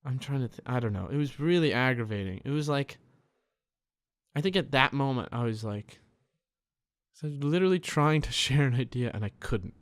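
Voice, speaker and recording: A young man hosting a solo podcast, rambling in a frustrated, profane way with many restarts, talking quietly in a dark room. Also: medium pitch, expressive, fairly quick. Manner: tends to talk quiet. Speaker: podcast host.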